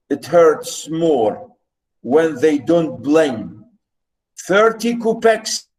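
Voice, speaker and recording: A man reading aloud as a drunken, self-pitying old father who begs for pity, in a pleading, repetitive, drawn-out way. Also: high-pitched, pitched above the performer's own voice, low-quality recording.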